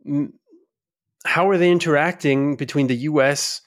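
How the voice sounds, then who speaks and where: A man's voice: on the high side, normal speed. A man hosting a podcast interview, asking curious, rambling questions with restarts. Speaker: podcast host.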